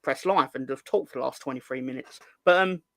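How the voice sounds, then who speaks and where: A man hosting a casual live chat, reading out viewer comments in a playful, rambling, excitable way. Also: mid-range voice, fairly quick, vocal fry, no room sound. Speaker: host.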